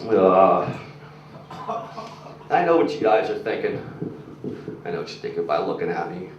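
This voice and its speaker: A man's voice: low-pitched, sing-song, normal speed. A young man doing crude, rambling stand-up, packed with "like" and "you know". He is heard from far back in an echoey club, and the recording is muffled, with faint noise under it. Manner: crude, rambling, filler-heavy delivery. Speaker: stand-up comedian. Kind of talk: stand-up set with crowd work. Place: comedy club stage.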